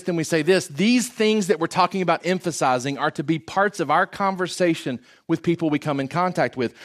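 Man, preacher, sermon, earnest, emphatic, rhetorical questions, fairly high voice.

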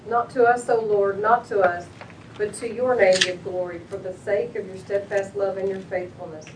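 A woman reading scripture aloud with an earnest, steady delivery during a church service. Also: mid-range voice, normal speed, recorded from a distance, noisy background. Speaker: scripture reader. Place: church sanctuary. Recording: roomy church hall, away from mic.

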